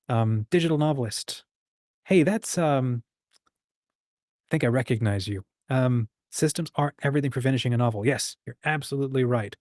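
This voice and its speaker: A man's voice: medium pitch, normal speed, darkish tone, dry recording, studio quality. A man hosting a casual livestream chat, encouraging and thinking aloud as he acts out quoted voices. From United States. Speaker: livestream host.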